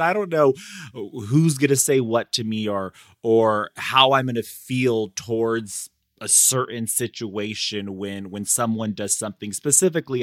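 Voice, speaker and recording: A man's voice: lowish voice, no room sound, clean studio sound. A man hosting a casual solo podcast from a living room armchair, talking candidly and reflectively with playful slang. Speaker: podcast host. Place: living room, in a comfy chair.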